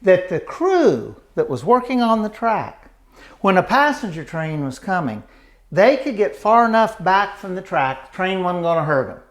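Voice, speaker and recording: An older man with a Southeastern Ohio accent, a museum guide telling folksy, animated stories on a tour. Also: high voice, normal speed, no echo. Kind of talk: anecdotal storytelling on a tour.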